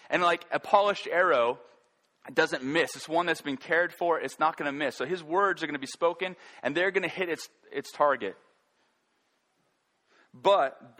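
A man delivers a sermon in an earnest, halting way, often circling back to restart a thought. His voice sits a little high and sounds bright and forward. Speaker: pastor.

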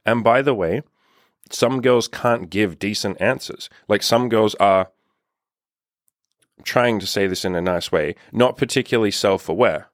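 A man with a very low voice delivers dating advice in a loose, unscripted monologue. He talks bluntly, swears often and keeps dropping "like" between phrases. The sound is close and dry, with no room around it. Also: unhurried, no room sound. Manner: blunt, profane, lots of "like" fillers. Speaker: dating coach.

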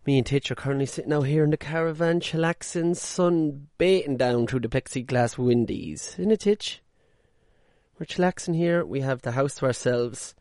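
A man talks straight into the mic, blunt and unfiltered, dropping curses as he goes. His voice sits at a middle pitch. The sound is close and dry, with no room echo. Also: moderate pace, few pauses, a little mellow. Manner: blunt, swears freely, mimics people in mocking voices. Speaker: podcast host. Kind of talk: casual monologue podcast. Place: caravan.

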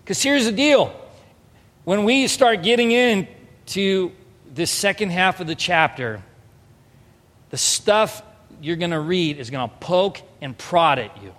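A pastor in his thirties preaching an earnest, emphatic sermon, moving between soft storytelling and raised exhortation. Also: high voice. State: emotional, near tears. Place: church hall. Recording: reverberant hall.

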